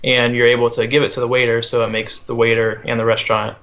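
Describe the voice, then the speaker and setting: A teenage boy as a guest in a casual interview, talking haltingly with many fillers. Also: mid-range voice, completely flat delivery, fairly bright tone, lo-fi sound. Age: teens. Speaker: guest, small business owner.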